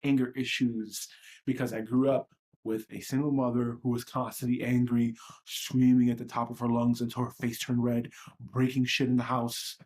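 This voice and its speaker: A man's voice: medium pitch, little pitch movement, normal speed, a little mellow. A man hosting a livestream, talking in a blunt, profane and self-reflective way. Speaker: livestream host. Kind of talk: candid livestream monologue.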